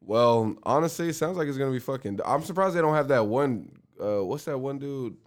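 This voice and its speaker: A man's voice: lively intonation, a little fast. A man hosting a casual podcast, talking loosely and profanely, laughing often and swinging his voice up and down. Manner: loud, laughing, swings pitch up and down. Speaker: podcast host.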